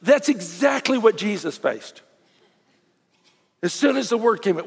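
Animated high-voiced preacher, husky. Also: male voice, a little slow, pauses often. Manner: animated preaching, acting out voices of crowds and scribes. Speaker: pastor. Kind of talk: sermon. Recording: long reverb of a large hall.

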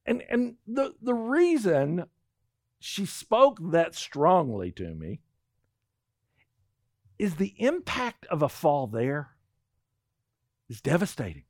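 A man's voice: fairly high pitch, unhurried, pauses often, no echo, studio quality. A middle-aged male pastor telling a personal story in a sermon, acting out the lines of the people in it. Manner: animated storytelling, acts out quotes.

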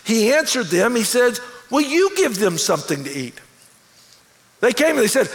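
A male pastor delivering an animated sermon, acting out quoted lines as he goes. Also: very high-pitched, brisk. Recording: long hall reverb.

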